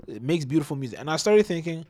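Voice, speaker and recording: A young man hosting a casual podcast chat, giving emphatic advice with lively bursts. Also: fairly high pitch, fast. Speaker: podcast host.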